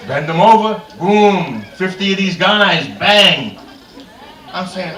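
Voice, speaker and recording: Dirty joke comedian guy, kinda high voice, sounds far from the mic, echoey room. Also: lively intonation, slow pace, pauses often, a bit bright, a little hiss or hum. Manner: crude, bawdy joke-telling with frequent "I said, he said". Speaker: stand-up comedian. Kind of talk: stand-up comedy set. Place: comedy club stage.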